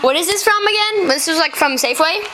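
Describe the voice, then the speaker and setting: A woman's voice: extremely high pitch, lively intonation, quick pace. A woman chatting and rambling in a casual home vlog while playing with her pets. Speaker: vlogger. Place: at home indoors. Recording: noisy home camcorder audio.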